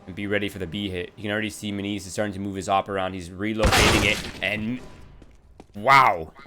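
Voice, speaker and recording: A man giving casual play-by-play esports commentary, bantering with his co-caster and rising to excited calls. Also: lowish voice, quick pace. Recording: game gunfire noise behind. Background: game gunfire and clicks.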